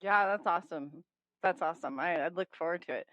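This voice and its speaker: A woman's voice: on the low side, fairly quick, fairly bright tone, dry recording. A woman hosting a radio show, chatting casually and enthusiastically, often stumbling over her words with fillers. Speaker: host. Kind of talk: casual radio interview chat. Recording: dry, dull lo-fi audio.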